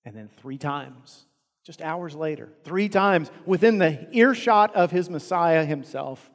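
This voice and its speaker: Earnest Texan preacher in a reverberant sanctuary. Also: male voice, fairly high pitch, lively intonation, takes it slowly. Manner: earnest, shifts from loud emphasis to hushed near-whisper. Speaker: pastor. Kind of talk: sermon. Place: large church sanctuary.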